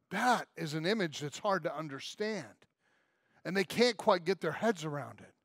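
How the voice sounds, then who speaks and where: High-voiced animated male preacher. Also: normal speed, no echo, studio quality. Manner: animated storytelling, acting out voices of listeners. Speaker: pastor. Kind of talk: sermon.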